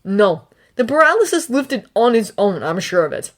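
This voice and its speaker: A woman voicing a composed teenage boy who gives calm, clipped replies. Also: medium pitch, normal speed, close to an everyday voice.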